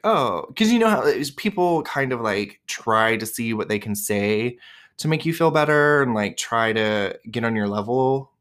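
A man's voice: mid-range voice, fairly bright tone. A man in his twenties hosting a podcast, talking candidly and casually, with lots of fillers and swearing. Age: 20s. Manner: chatty, candid, swears freely, many "like" and "um". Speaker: podcast host. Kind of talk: casual personal monologue.

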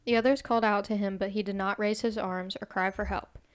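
An American woman hosts a relaxed podcast, reading out a true crime case between bits of banter. She often stumbles over words and laughs at herself. Her voice sits at an everyday middle pitch. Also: fairly quick, clean tone. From United States. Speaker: podcast host.

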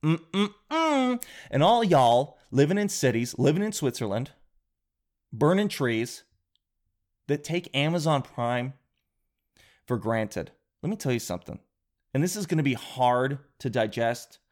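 A man hosting his own podcast, telling a rambling comic story in an animated, jokey way. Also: medium pitch, measured pace, long pauses. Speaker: podcast host. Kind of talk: comedic podcast monologue.

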